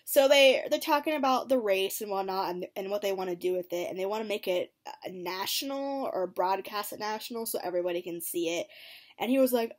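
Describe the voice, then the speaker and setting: Woman, mid-pitched, casual reaction host, chatty and giggly, voices quotes with extra pep. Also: fairly quick. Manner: chatty, giggly, lots of ums and likes; acts out quotes in lively higher voices. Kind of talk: casual episode recap.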